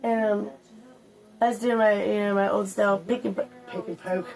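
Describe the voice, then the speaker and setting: A woman's voice: medium pitch, steady tone, moderate pace, creaky, a little mellow, poor audio. A woman hosting a casual story time, telling crude, rambling stories among friends. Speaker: host.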